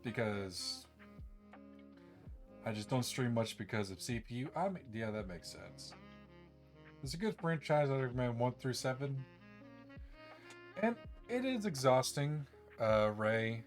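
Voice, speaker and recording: A man chats loosely to his stream viewers, rambling and restarting his sentences in an easygoing way. His voice sits at an ordinary middle pitch. Faint music plays underneath. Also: measured pace, pauses often. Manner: rambling, relaxed, with laughs and filler restarts. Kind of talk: casual live-stream chat.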